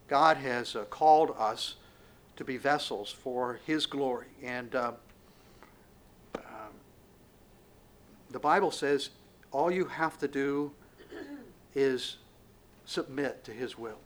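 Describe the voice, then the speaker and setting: A man preaching a sermon, swinging from loud outbursts to hushed near-whispers and pressing the congregation with questions. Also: medium pitch, slow pace, pauses often.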